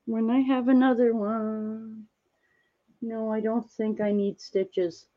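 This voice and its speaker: A woman streaming, chatting casually with viewers while she crafts, rambling and gently reassuring them with lots of fillers. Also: a little high, steady tone, moderate pace, phone-quality sound. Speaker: livestreamer answering chat.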